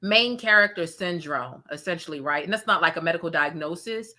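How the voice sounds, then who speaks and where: A woman hosting a commentary livestream. Her voice is bright and sharp, and she sits slightly low in pitch. She thanks viewers for super chats and mocks the people she covers. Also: lively intonation, brisk. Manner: sarcastic, mocking asides. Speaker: commentary channel host.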